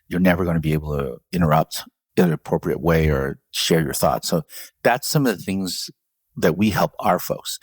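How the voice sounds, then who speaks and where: A man with a very low, husky voice talks through an interview, telling stories from his career and laughing now and then. The sound is close and dry. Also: no echo. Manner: storytelling, animated when quoting others, laughs often. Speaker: CEO of a professional association, guest. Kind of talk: conversational interview answers.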